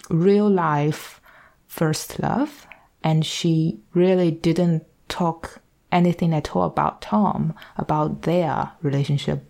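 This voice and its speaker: A woman with a low, mellow voice that carries a gravelly edge of fry. She talks slowly and reflectively, weighing each word as she works through her view of a story. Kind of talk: thoughtful analysis of a story.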